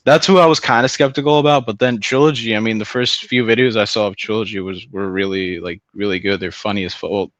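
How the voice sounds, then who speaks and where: A man's voice: on the low side, steady tone, fast talker, hardly any pauses, a bit bright, no echo. A man chatting casually on a stream, rambling, swearing a lot and laughing often. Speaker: stream host. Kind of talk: casual chat.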